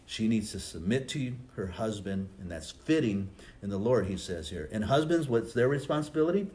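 A male pastor, preaching a sermon in a conversational, storytelling way that swings between loud and soft. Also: lowish voice, expressive, normal speed. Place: church sanctuary.

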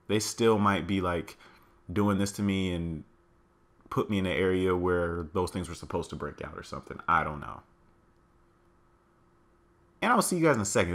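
A man's voice: sits low, sharp tone. A man giving let's play commentary, thinking aloud to his viewers as "guys" and crying out in alarm at what he finds. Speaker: gaming channel host.

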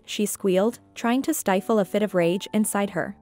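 A woman reading a scripted story aloud as narrator, steady and even. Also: mid-range voice, normal speed. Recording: faint background music.

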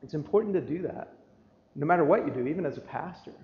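A man's voice: a little high, animated, quick pace, vocal fry, a little hiss or hum. A man preaching a sermon as pastor, telling a story in a conversational way, full of restarts. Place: church sanctuary. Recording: echoey church livestream, dull lo-fi sound.

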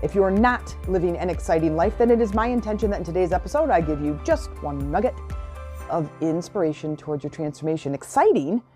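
A middle-aged woman hosts a motivational podcast, speaking fast in a lowish, dark voice with lively intonation over soft background music. Her casual monologue is chatty and rambling, full of "like" and "you know."

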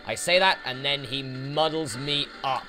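Unhurried and medium in pitch, a man provides relaxed let's play commentary for his YouTube gaming channel. He chats at the enemies on screen, backed by the game's music.

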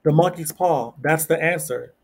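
A man reading the lines of a desperate, grieving old mother in a storybook, lifting his pitch a little. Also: steady tone, moderate pace, darkish tone, close to an everyday voice.

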